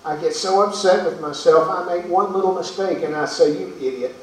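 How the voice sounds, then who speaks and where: A man's voice: high voice, fairly even intonation, fairly quick, a little hiss or hum. A man preaching a sermon in earnest tones, asking rhetorical questions and repeating words as he goes. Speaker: pastor. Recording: echoey room from far off.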